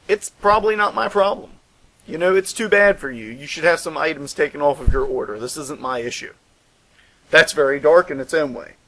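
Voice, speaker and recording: A man's voice: fairly quick, a bit bright, low-quality recording. A man hosting a spoken podcast, talking in a reflective, earnest monologue. His voice sits a little above the usual male range. He lifts it further when he acts out what people said. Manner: earnest, reflective, acts out quoted lines with raised pitch. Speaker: guest podcast host. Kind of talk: personal storytelling monologue.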